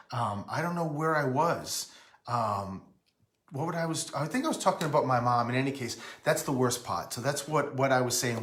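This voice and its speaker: A man's voice: medium pitch, fairly bright tone, echoey room. A man from Rhode Island hosting a casual live stream, rambling and breaking off to greet viewers by name.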